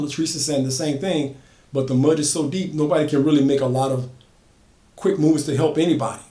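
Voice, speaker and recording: A man's voice: a little high, steady tone, a little fast, dark tone. A man casually telling an original horror story, building emphasis by repeating phrases. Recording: echoey room.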